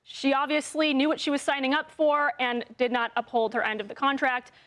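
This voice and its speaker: A woman's voice: high voice, flat delivery, a little fast, fairly bright tone. A woman giving firm, confident opinions as a commentator on a TV panel show.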